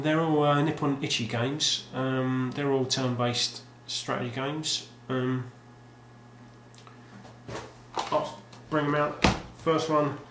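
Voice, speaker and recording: A man's voice: fairly high pitch, a bit bright, slight background noise. Rambling man in an echoey room. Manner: rambling, hesitant, many ums and restarts. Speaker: game collector. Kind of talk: casual collection showcase. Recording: roomy sound with faint ambience.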